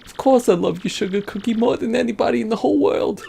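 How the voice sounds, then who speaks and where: A woman voicing a timid young male gangster in love in a video game, soft and pleading. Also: fairly high pitch, fast, gravelly, slight background noise, voice pushed up. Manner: pleading, sweet-talking.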